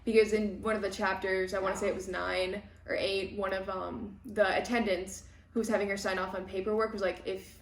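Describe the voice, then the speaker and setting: A woman co-hosting a casual book podcast, retelling the plot in long, animated run-on recaps. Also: mid-range voice, fairly quick, reverberant. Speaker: podcast co-host. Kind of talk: casual book club chat.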